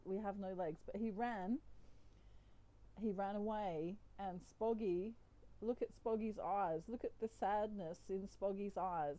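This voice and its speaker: A woman's voice: mid-range voice, warm tone, poor audio. A woman who reads tarot, chatting casually and playfully and often giggling while she explains things using toy puppets. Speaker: tarot reader. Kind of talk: casual chat.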